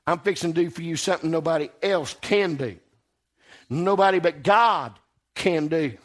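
Male preacher, high-pitched, fervent sermon delivery with loud peaks and soft drops. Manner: impassioned, swings from loud exclamation to quiet asides.

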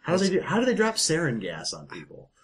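Husky-voiced guy on a podcast, sarcastic, gets loud and ranty. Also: fairly high pitch, wildly swooping pitch, fast. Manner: sarcastic, loud bursts of mock outrage. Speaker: podcast co-host. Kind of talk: casual chat.

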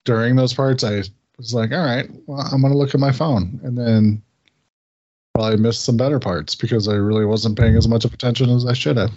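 A man co-hosting a podcast in casual chat, laid-back and hesitant, pausing with fillers. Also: medium pitch, steady tone, dark tone, muffled recording. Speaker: podcast co-host.

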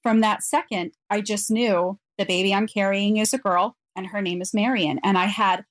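A woman guest on an interview podcast, telling a personal story in an earnest, reflective way with frequent pauses. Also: medium pitch, fairly even intonation, no echo.

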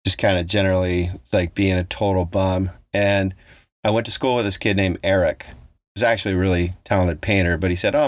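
A man's voice: deep voice, no room sound. A man hosting a podcast, telling a travel story in a loose, rambling way with plenty of swearing. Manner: loose, profane, rambling with restarts. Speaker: podcast host. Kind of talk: casual storytelling.

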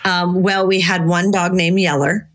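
A middle-aged woman with a slightly low voice talks candidly in an interview. She is earnest and direct and does not soften her words. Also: flat delivery, unhurried. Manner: earnest and frank, with occasional swearing and laughter. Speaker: interview guest, bereaved mother and grief researcher.

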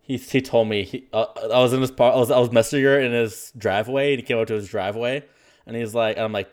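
A man co-hosts a podcast in relaxed casual chat. He has a mid-pitched voice and talks in an easygoing, slightly sheepish way, often with short replies. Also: quick pace. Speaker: podcast co-host.

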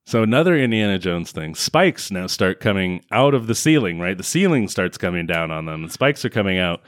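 A man co-hosting a casual podcast, retelling a film in an animated, sarcastic way and swearing freely. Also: low voice, fairly quick. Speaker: podcast co-host. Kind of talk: casual chat recapping a movie.

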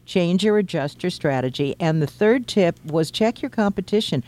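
A man hosting a radio show, calmly recapping the guest's points in casual conversation. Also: sits high, moderate pace.

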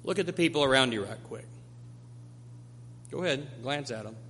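A man's voice: mid-range voice, expressive, normal speed, a bit bright, a little hiss or hum. A male pastor delivering a sermon, preaching with emphatic repetition to a congregation. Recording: long hall reverb.

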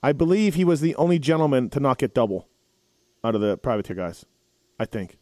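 A man's voice: mid-range voice, big pitch swings, fairly quick, a little mellow, no room sound. A man hosting a casual racing podcast, rambling and correcting himself as he reads off results. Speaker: podcast host running through race results. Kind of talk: casual chat.

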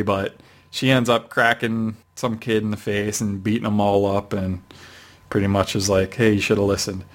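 A man co-hosting a podcast, reviewing a comic book in a casual, rambling way with many fillers and restarts. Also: fairly low pitch. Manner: rambling, hesitant with frequent fillers. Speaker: podcast co-host.

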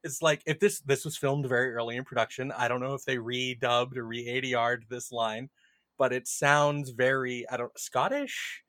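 A man's voice: medium pitch, fairly even intonation, moderate pace, pushed and bright, no echo. A man co-hosting a casual podcast, chatting and analyzing a film scene in detail. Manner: chatty, analytical, quotes film lines in mock voices. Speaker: podcast co-host.

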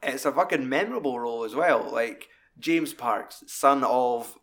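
A man in loose, sweary film chat, voice in the middle range for a man. He gets animated and jumps into loud, high-pitched impressions when quoting lines. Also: a little slow. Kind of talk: casual film discussion.

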